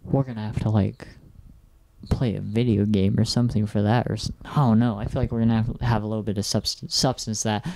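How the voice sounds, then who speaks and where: A man's voice: lowish voice, flat delivery, brisk, vocal fry, dark tone, slight background noise. Chatty male podcast host, casual review. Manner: rambling, filler-heavy, chatty.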